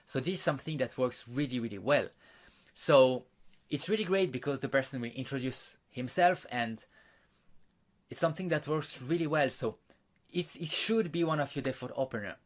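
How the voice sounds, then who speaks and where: A man's voice: mid-range voice, lively intonation, normal speed. A man teaching social skills, explaining step by step and acting out sample lines, with slightly non-native phrasing. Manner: plain, repetitive, demonstrates lines in quotes. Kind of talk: instructional talk to camera.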